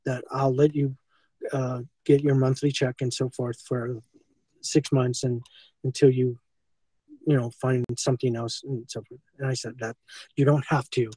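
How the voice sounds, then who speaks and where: On a shaky phone video, an older American man, a former school teacher being confronted, rambles on at length and keeps tacking on "okay" and "and so forth." His voice is mid-range and warm, delivered flatly at a moderate pace. The recording is low quality but has no echo.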